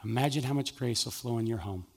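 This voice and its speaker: A man's voice: mid-range voice, fast, gravelly, slightly rough. A middle-aged male pastor preaching a sermon, telling a personal story and acting out both sides of the conversation.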